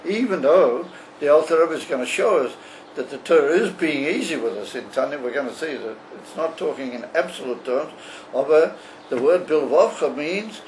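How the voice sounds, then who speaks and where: Teaching a class on a religious text, a rabbi explains things slowly and hesitantly, pausing often and using fillers. His male voice is a little high and animated, and the poor audio carries slight background noise.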